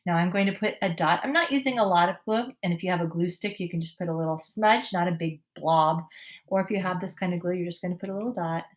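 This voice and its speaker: A woman leads a writing lesson for young schoolchildren, with a voice that sits a little low. She speaks slowly and clearly, sounding out each word and keeping the tone encouraging. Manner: slow, clear, encouraging teacher voice, sounding out words. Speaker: teacher. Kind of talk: classroom lesson for young children.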